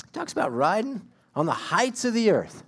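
A man's voice: sits high, big pitch swings, moderate pace, breathy edge. A middle-aged man preaching a sermon in a conversational, self-deprecating way, building to emphatic bursts.

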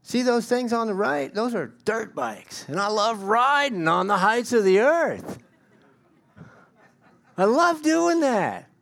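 A man's voice: sits high, animated, a little slow, creaky, hardly any pauses, fairly bright tone. A middle-aged man preaching a sermon in a conversational, self-deprecating way, building to emphatic bursts.

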